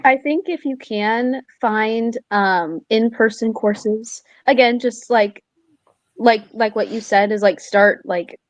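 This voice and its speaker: A young woman, a college student, answering interview questions in a soft, hesitant way. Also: a little high, slow pace, dry recording. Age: young adult. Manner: soft-spoken, hesitant, with many "um" and "like".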